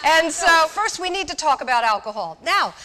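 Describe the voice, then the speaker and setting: A woman giving a lively, direct talk to college students, asking the audience questions. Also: high-pitched, moderate pace, slight background noise. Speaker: speaker on alcohol awareness. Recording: echoey hall.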